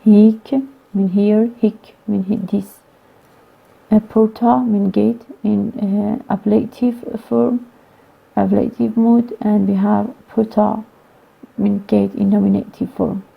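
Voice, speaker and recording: Woman lecturing haltingly over a tinny line. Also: mid-range voice, level tone, gravelly, husky. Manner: halting, many "uh" pauses, non-native grammar. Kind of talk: recorded phonology lecture. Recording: tinny phone-like lo-fi recording.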